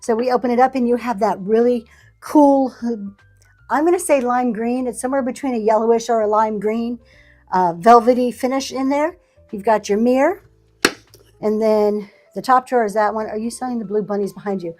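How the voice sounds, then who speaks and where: Woman, live-stream reseller, slightly high voice, casual running chatter over faint music. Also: normal speed, dark tone. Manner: chatty, thanks buyers by name. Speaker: live auction seller. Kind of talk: live selling stream chat.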